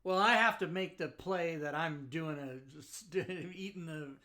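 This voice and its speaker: A man's voice: on the high side, slow, bright, forceful tone. A man playing in an online tabletop game, bantering playfully with the game master. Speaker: player. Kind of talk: casual tabletop game chat.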